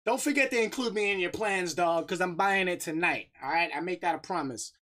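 A man's voice: high-pitched, fairly quick, sharp tone. A man hosting a casual livestream, chatting upbeat and greeting viewers by name. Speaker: streamer.

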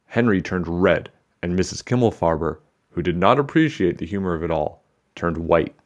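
A man reading a children's book aloud, narrating in a steady, even storytelling manner. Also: sits low, moderate pace, lo-fi sound.

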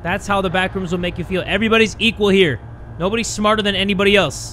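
A young man giving horror game commentary, excitable and swearing, talking to himself and yelping when startled. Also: high voice, quick pace, a little hiss or hum. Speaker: gaming YouTuber. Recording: game music loud behind voice.

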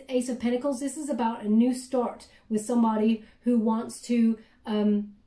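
A woman doing a chatty tarot reading with many fillers, now and then dropping into soft murmured prayers. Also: fairly high pitch. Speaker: tarot reader. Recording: roomy, distant from the mic.

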